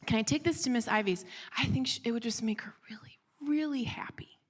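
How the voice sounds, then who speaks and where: A woman's voice: fairly high pitch, a little fast, breathy edge. A persistent little girl tugs for attention in a raised, pleading voice, as a woman acts her out. She keeps repeating herself and asks again and again in a lifted, childlike tone. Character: small girl, persistent and tenderhearted.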